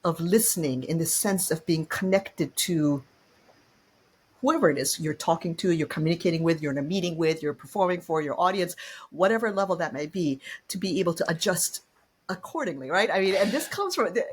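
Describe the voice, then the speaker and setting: A woman's voice: fairly low pitch, animated, brisk, slightly rough. A woman hosting a podcast interview, talking in a reflective, affirming way as a trained musician. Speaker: podcast host. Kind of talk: conversational interview.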